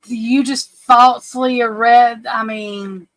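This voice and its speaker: A livestream host, anxious and flustered, keeps breaking off and restarting her sentences during a casual stream. Her voice is fairly high with fairly even intonation and a slow pace, and the low-quality recording has no room sound.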